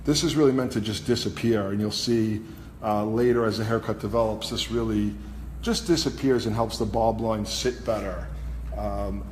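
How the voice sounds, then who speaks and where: With a low-leaning, darkish voice and fairly even intonation, a man hosting a live haircut demonstration explains each step at a moderate pace while he cuts, in a chatty manner. The hair salon studio is echoey with long reverb and faint ambience, plus a little hiss or hum.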